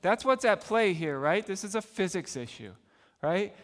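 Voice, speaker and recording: A man preaching a sermon as pastor, shifting between loud emphatic lines and soft hushed stretches. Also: sits high, expressive, moderate pace. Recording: long church reverb.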